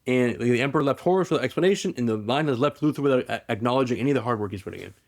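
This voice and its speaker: A male podcast host retells a story in casual, rambling chat, tripping over restarts and fillers. He talks fast, at a middle pitch. His delivery stays animated throughout.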